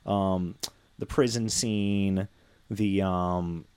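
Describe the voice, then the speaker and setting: A man's voice: deep voice, fairly even intonation, drawn-out words, darkish tone, clean tone, no echo. A tired man talking casually as a guest, rambling with lots of fillers and restarts. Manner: rambling, full of fillers and restarts, laughs easily. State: tired from little sleep. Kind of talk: casual chat.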